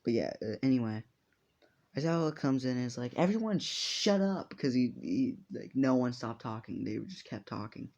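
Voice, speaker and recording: A man's voice: medium pitch, moderate pace, gravelly, dark tone, lo-fi sound. A man improvising a fan story aloud, rambling and swearing casually as he goes. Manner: rambling, profane, off-the-cuff.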